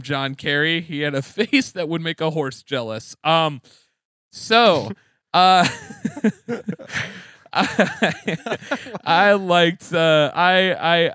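A young man co-hosting a casual comedy podcast, rambling and excitable, laughing often. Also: a little high, smooth, no room sound, studio quality. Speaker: podcast co-host.

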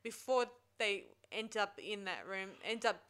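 A woman's voice: medium pitch, expressive, a little slow, a bit bright, clean tone. An Australian woman retelling a film in casual chat, rambling and searching for words with many restarts. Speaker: podcast co-host.

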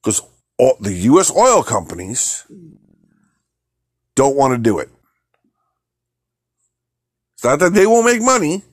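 A man's voice: medium pitch, very animated, slow pace, long pauses, no echo, studio quality. A man hosting a podcast, ranting about politics in a heated, profane way, with frequent repeated words and restarts. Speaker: podcast host. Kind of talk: opinionated political rant.

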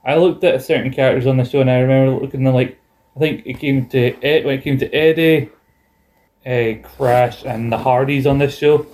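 A man chats through an old wrestling broadcast with a co-host. His talk is loose and rambling, with swearing and jokey asides, and his pitch sits at an ordinary middle height. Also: steady tone, brisk, a little mellow. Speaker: podcast co-host. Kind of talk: casual chat recapping wrestling.

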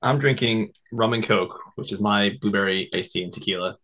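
Deep-voiced man, relaxed podcast guest. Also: a little fast. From New England. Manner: relaxed, brief remarks. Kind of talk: casual chat.

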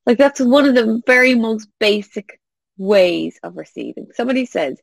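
With a creaky, mid-range voice and no room sound, this woman speaks at a moderate pace as a business coach addressing listeners informally. Lively throughout, she plays out small quoted conversations, laughing as she goes.

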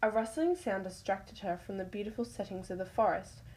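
A woman's voice: mid-range voice, fairly quick, a little mellow, poor audio. A woman reading her own animal story aloud, stumbling over words now and then.

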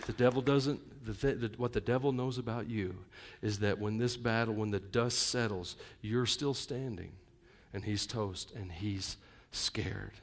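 Man preaching a lively, joking sermon. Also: lowish voice, a little slow. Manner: conversational, joking asides with the congregation; swings between loud emphatic and quiet intimate delivery. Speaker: pastor.

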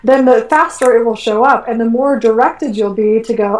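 A woman with a fairly high voice talks in a casual, animated way, acting out what she said and thought and dropping plenty of "like" and "um". She sounds set back from the microphone in an echoey room. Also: moderate pace. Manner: animated storytelling, acts out her own quotes, many fillers like "like" and "um". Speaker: guest, energy work coach. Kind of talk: casual conversational interview. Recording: echoey room, voice far from mic.

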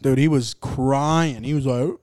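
A man's voice: medium pitch, fairly even intonation, unhurried, a little mellow, no room sound, clean studio sound. A young man hosting a laid-back sports podcast, rambling, joking and swearing as he reacts to games. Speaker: podcast host. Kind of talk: casual sports chat.

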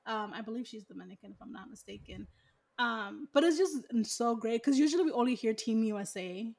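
A woman's voice: fairly high pitch, lively intonation, a little fast, creaky, a little mellow. A woman chatting casually, rambling with lots of "like" and "you know". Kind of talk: casual chat.

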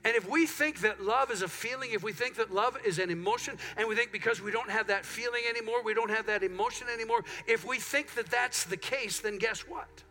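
A middle-aged pastor's high voice moves a little fast, hardly pausing, as he preaches in a church sanctuary. He tells stories animatedly and acts out people's words while soft music plays in the background.

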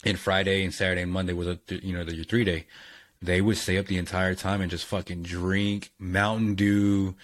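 A man with a fairly low voice rattling off brash, mocking banter at a quick clip. He swears constantly in a loose, joking chat. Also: level tone. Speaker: podcast co-host. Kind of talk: casual banter.

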